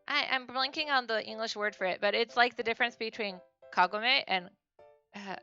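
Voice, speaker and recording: A woman's voice: fairly high pitch, sharp tone, clear, resonant tone, highs cut off. A woman streamer giving a casual beginner language lesson, chatty and full of fillers and self-corrections.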